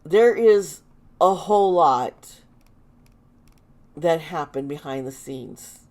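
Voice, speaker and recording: A woman with a sore throat doing a casual tarot reading, halting and exclaiming as she turns the cards. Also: low-pitched, lively intonation, a little mellow. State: sore throat, lozenge in mouth. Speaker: tarot reader and channel host.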